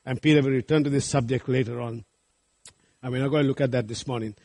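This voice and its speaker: A man's voice: mid-range voice, steady tone, fast talker, darkish tone. A man preaching a sermon, earnest and rising to fervent appeals to his congregation. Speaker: pastor.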